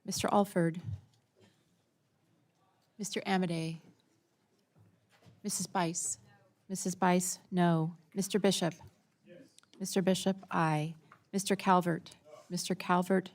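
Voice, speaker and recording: A woman clerk calling the roll in a flat, methodical way, repeating names and votes. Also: lowish voice. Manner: flat, methodical name-reading. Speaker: committee clerk. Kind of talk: roll call.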